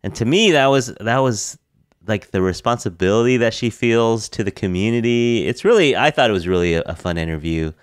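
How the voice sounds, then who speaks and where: An American man hosts a relaxed podcast chat, laughing often. His voice swings lively in pitch and sounds smooth and resonant. The recording is dry, with no room echo. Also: a little fast. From United States. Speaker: podcast host. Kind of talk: casual interview chat.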